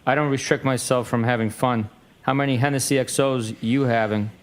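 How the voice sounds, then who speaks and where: A man reading an exchange of text messages aloud in a flat, matter-of-fact way. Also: mid-range voice, a little fast.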